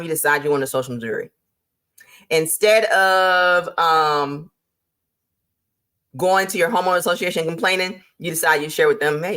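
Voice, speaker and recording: A woman hosting a motivational talk on business, lively and emphatic, laying out her points like a teacher. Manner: lively and emphatic, with sudden jumps in pitch; teacherly, lays out numbered points. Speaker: host.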